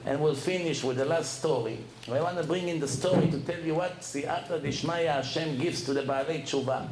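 A man giving a Torah lecture as a lively storyteller who laughs at his own tales. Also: on the high side, fairly quick, background noise. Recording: echoey room with faint ambience.

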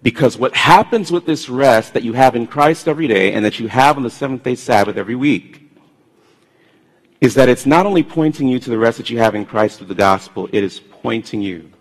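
A man preaching a sermon, telling stories in an animated way and swinging from loud bursts to hushed tones. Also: mid-range voice, normal speed, breathy edge. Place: church sanctuary. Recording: long hall reverb.

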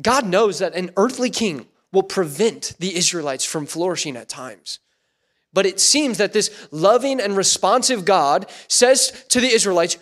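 Animated male preacher, high voice, church sermon, puts on voices for the quotes. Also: a little slow. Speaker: pastor.

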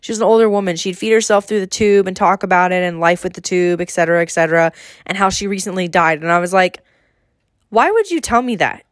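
A woman's voice: lowish voice, flat delivery, quick pace, no echo. Chatty woman telling stories, dry sound. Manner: chatty storytelling, exasperated asides. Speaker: podcast co-host. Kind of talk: casual chat.

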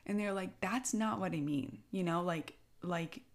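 A young woman who is a military spouse and podcast co-host talks in a casual, heartfelt chat. Her voice sits fairly low and moves a little slowly, and she sounds emotional, tearful and rambling, with plenty of fillers.

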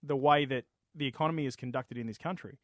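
A man's voice: mid-range voice, fast, no echo, studio quality. An Australian man co-hosting a gaming podcast, agreeing with his mate and explaining his view in casual chat. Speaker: podcast co-host.

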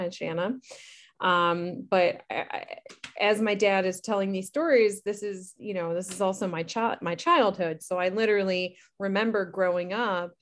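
A woman in her forties hosting a casual conversation, chatty and quick to chime in with asides to listeners. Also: on the low side. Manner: chatty, quick interjections to the audience. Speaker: host. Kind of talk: casual podcast chat.

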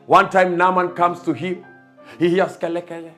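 A man's voice: high-pitched, little pitch movement, moderate pace, fairly bright tone, faint music behind. A man preaching a sermon, emphatic and repetitive, building his points.

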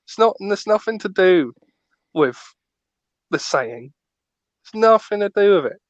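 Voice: medium pitch, lively intonation, unhurried, no echo. A podcast co-host in casual chat, ranting with stammering restarts. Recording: dull lo-fi dry recording.

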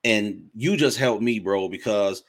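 A man's voice: on the low side, a little slow. A man in his forties hosting a faith interview, talking in an earnest, preacherly way and often repeating himself. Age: 40s. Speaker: interview host. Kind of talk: casual interview chat.

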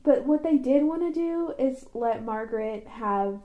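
A woman chatting casually about a movie, explaining plot points in a relaxed way. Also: high voice, unhurried, narrow, tinny audio. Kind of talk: casual chat reviewing a movie.

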